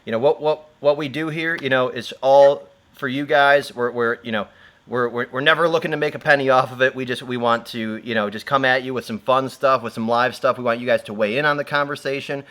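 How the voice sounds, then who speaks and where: A man's voice: mid-range voice, fairly even intonation, brisk, fairly bright tone. A man hosting a casual livestream, rambling with many fillers and frequent laughs. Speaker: host.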